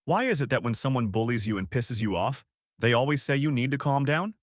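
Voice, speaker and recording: A man narrating a dramatic first-person story, expressive and bitter. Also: medium pitch, fairly quick, no room sound, studio quality.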